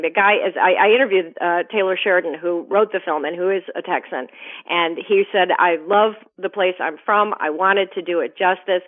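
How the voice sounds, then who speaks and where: A woman film critic giving enthusiastic movie reviews by phone on a radio show. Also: medium pitch. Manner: enthusiastic and effusive. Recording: tinny phone line.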